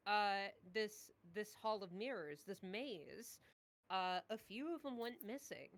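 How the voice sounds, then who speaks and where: A woman narrating as dungeon master in a casual tabletop game, unhurried and halting, with many fillers. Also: medium pitch, fairly bright tone.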